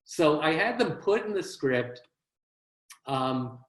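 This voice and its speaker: Guy with kinda high voice doing a dry self-mocking comedy monologue, echoey room. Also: sing-song, takes it slowly. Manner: wry, self-deprecating. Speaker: comedy writer giving a one-man show. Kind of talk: comic storytelling monologue. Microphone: video call. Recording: roomy echo.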